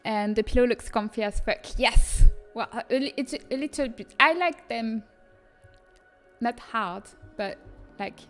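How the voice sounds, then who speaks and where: A French-accented young woman with a high, light voice walks viewers through a 3D design tool on a livestream. She chats easily, laughs often and breaks off to answer chat. Soft music plays faintly underneath. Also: a little slow. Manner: chatty, laughs often, reads chat aloud. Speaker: streamer teaching custom content. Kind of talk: casual livestream tutorial.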